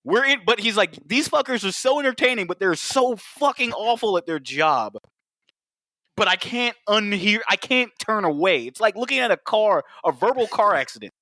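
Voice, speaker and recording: Bright, lively-voiced profane podcast host. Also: male voice, high voice, moderate pace, no room sound, studio quality. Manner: profane, animated storytelling with acted-out quotes. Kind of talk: casual podcast chat.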